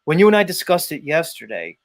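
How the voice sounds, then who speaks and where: A man hosting a live stream, talking casually in an animated, rambling way with frequent swearing. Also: on the high side, a little fast. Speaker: host.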